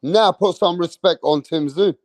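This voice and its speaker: A man's voice: sits high, moderate pace, darkish tone, no room sound. Brash, boastful man hosting a boxing live stream. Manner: boastful, brash and profane, addressing the chat. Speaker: boxing channel host.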